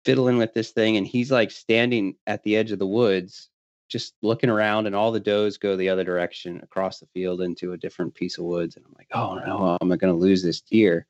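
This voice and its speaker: Man, casual storyteller, low voice, laughs often, acts out quotes, dry dull sound. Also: brisk, no room sound. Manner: animated, laughing often, acting out quoted friends. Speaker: podcast guest telling a hunting story.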